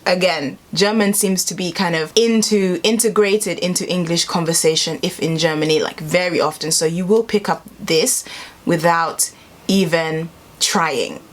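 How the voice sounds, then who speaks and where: A young adult woman talking casually to camera in a vlog, chatty and animated, rambling a little as she explains things. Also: fairly low pitch, moderate pace. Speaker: vlogger.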